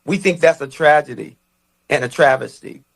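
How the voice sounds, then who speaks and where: A man giving a formal public statement, measured and a little halting. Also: a little high, vocal fry. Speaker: public official speaking to press.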